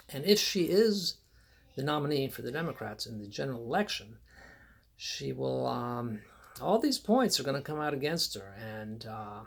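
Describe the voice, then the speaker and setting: A man giving a solo spoken commentary, halting with frequent ums and uhs, in a dry, wry manner. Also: medium pitch, gravelly, a bit bright. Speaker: political commentator.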